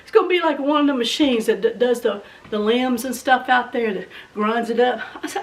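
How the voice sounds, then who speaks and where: A woman's voice: a little high, a little fast, hardly any pauses, recorded from a distance. A woman vlogger telling a story dramatically and acting out the scenes for her viewers. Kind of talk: animated storytelling vlog.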